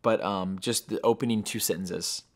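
A man's voice: lowish voice, steady tone, moderate pace. A man hosting a daily devotional podcast, speaking in an earnest, reflective way that turns emotional at times.

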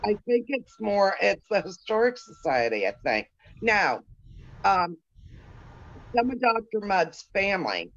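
A woman's voice: medium pitch, very animated, measured pace, a bit bright. A woman chatting casually on a video call, tentative and hedging. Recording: muffled lo-fi video call audio.

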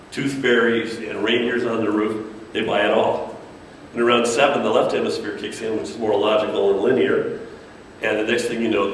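A low-voiced man gives an audience a casual talk on creating children's media, animatedly performing kids' and characters' voices along the way. The recording is echoey and distant, with slight background noise.

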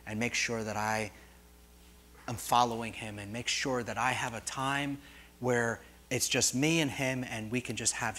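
A middle-aged man preaching a sermon as pastor, telling stories in a rambling way and swinging from soft asides to loud, rising peaks. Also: medium pitch, slight background noise. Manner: storytelling, digressive, swings from quiet to loud; jokes with congregation.

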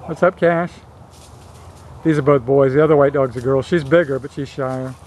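A man's voice: mid-range voice, steady tone, normal speed, darkish tone, slight background noise. Man narrating dogs at play. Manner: folksy, joking play-by-play with frequent exclamations. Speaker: vlogger filming his dog. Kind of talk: casual handheld commentary. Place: outdoors in a yard. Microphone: handheld consumer camera. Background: dogs playing.

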